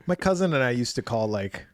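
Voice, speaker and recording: A man's voice: mid-range voice, animated, moderate pace, dry recording, studio quality. A man co-hosting a casual horror podcast, joking and laughing often as he runs through a film's cast list. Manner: joking, reads cast lists with asides. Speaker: podcast co-host. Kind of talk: casual chat.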